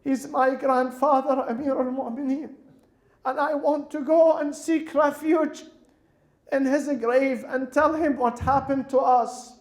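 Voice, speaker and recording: A man's voice: little pitch movement, unhurried, echoey room. A frightened little girl pleads in a raised, strained voice, as a male preacher puts her on. The voice sits well above the storyteller's own. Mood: pleading. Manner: pleading, voice pushed up high.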